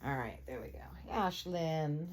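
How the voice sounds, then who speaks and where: A woman's voice: sits low, a little slow, a little hiss or hum. A woman reading a novel aloud to her viewers at home, with chatty asides. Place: bedroom at home.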